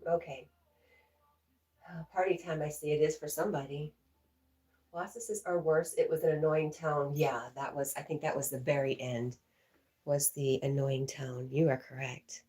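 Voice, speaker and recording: A middle-aged woman hosting a livestream from home on a laptop mic. She chats casually, reads viewer comments aloud and laughs often, clearly amused by herself. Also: low-pitched, fairly even intonation, normal speed, mellow, rough recording. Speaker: livestream host.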